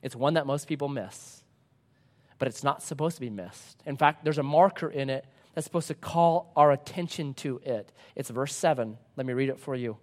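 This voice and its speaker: A man, a pastor, preaching a sermon with dramatic storytelling that swings from loud to hushed, sometimes acting out playful voices. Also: medium pitch, moderate pace. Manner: acts out playful voices for talking objects.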